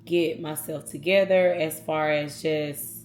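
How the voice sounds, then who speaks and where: A woman's voice: low voice, fairly even intonation, takes it slowly, darkish tone, a little hiss or hum. A woman talking casually and earnestly to her viewers in a vlog, speaking straight to them. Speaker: vlogger.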